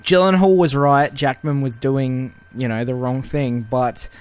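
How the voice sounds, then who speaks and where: A man's voice: medium pitch, fairly even intonation, measured pace. A man co-hosting a casual film podcast, talking loosely with fillers and the odd swear word. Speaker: podcast co-host.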